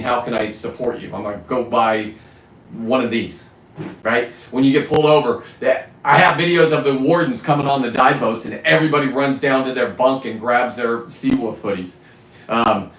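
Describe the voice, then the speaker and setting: A man's voice: medium pitch, a bit bright, roomy sound, low-quality recording. A middle-aged man hosting a live stream, ranting in a blunt, profane, rambling way. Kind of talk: casual live-stream rant.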